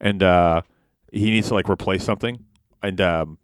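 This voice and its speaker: A man's voice: low-pitched, moderate pace, dry recording, studio quality. A man co-hosting a podcast in casual chat, swearing and laughing often. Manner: animated, swearing, laughing, doing loud impressions. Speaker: podcast co-host.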